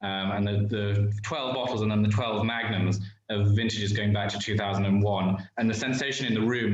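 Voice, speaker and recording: A man with a slightly low voice hosts a relaxed panel, enthusiastic and chatty. He keeps things moving with quick affirmations. The sound is very echoey, as if from a bare room. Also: lo-fi sound. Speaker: host, auction specialist. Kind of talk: hosting a casual panel.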